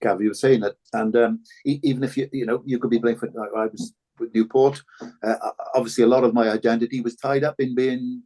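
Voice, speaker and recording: A man's voice: medium pitch, steady tone, fairly quick, warm tone. An older Welsh man, a former rugby fullback, talking reflectively as a podcast guest, often repeating words and restarting. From Wales. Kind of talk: reflective interview talk.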